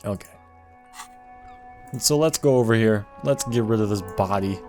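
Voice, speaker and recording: A man narrating his video game walkthrough in a fairly low voice, reading the on-screen text aloud. He slips in dry asides as he goes, and game music plays faintly underneath. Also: normal speed, mellow. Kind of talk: casual gameplay commentary.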